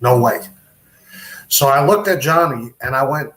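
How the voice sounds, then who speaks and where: A man's voice: medium pitch, animated, unhurried, fairly bright tone. A middle-aged man, a wrestler, telling rambling stories with quoted dialogue in a casual interview. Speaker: podcast guest, wrestler.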